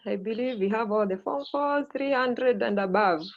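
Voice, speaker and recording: A woman's voice: a little high, moderate pace. A woman teacher leading an online English lesson, prompting students and repeating their answers back. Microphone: video call. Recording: muffled video call audio.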